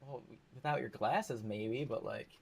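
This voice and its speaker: A man's voice: mid-range voice, unhurried. A man hosting his own channel, chatting casually and rambling with hedges and fillers. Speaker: channel host. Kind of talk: casual chat.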